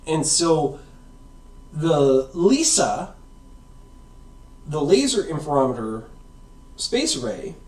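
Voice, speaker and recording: A man's voice: on the high side, big pitch swings, slow pace, pauses often, darkish tone. A man giving a casual, rambling science explanation, often checking in with "right?" and "okay?". The sound is roomy and comes from away from the mic. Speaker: science video host. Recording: roomy echo, far from the mic.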